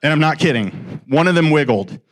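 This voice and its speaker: Animated storytelling man, middle-aged. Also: fairly high pitch, fairly quick. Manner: animated, acts out quoted dialogue. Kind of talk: storytelling talk to a live audience.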